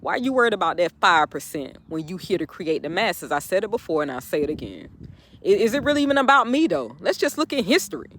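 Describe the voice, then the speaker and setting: Bright-voiced woman motivational speaker outdoors. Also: lowish voice, fast talker, a little hiss or hum. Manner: animated, laughing often, talking straight to viewers. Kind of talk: casual motivational vlog talk. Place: outdoors, birds in background.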